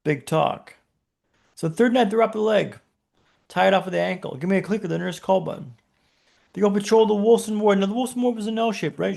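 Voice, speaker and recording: A man's voice: high-pitched, fairly quick, gravelly, darkish tone. A man, a podcast guest, telling a dramatic personal story in punchy short phrases with rhetorical questions.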